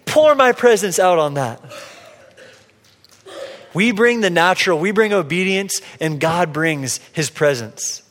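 A man's voice: high-pitched, animated, unhurried, a bit bright. A man preaching a sermon as pastor, telling a story in a casual, conversational way. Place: church sanctuary. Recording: long hall reverb.

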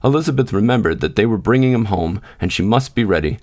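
Low-voiced man reading a story. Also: expressive, fast, darkish tone. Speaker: podcast host and reader. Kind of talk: scripted narration.

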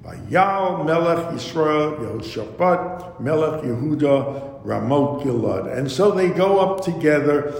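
Slow man teaching scripture in an echoey hall. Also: expressive, gravelly, a little mellow. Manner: slow, deliberate explaining, reads Hebrew verse then translates. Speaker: Torah teacher. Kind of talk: lecture on scripture. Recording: echoey hall with faint rumble.

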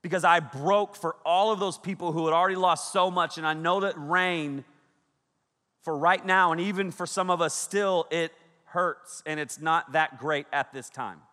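A man in his thirties, a youth pastor preaching a sermon, telling stories with animated energy, shouting out quoted lines and laughing often. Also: fairly high pitch, normal speed. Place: large hall with a big audience. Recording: echoey hall with long reverb.

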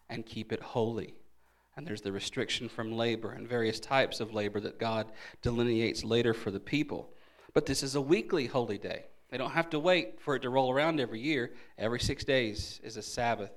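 A man preaching an evening Bible teaching, emphatic, asking questions and then answering them himself. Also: medium pitch. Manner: emphatic, asks and answers his own questions; lively shifts between loud stresses and soft asides. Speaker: pastor.

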